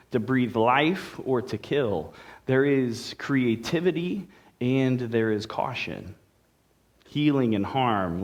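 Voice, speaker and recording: A male pastor gives a sermon in a church sanctuary. His voice sits at a middle pitch. He talks in a relaxed, conversational way and drops joking asides to the congregation.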